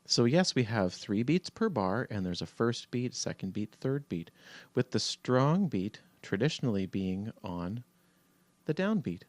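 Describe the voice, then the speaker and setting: A man teaching a music theory lesson over a shared screen, relaxed and halting with many fillers, counting beats aloud. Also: mid-range voice, dry recording.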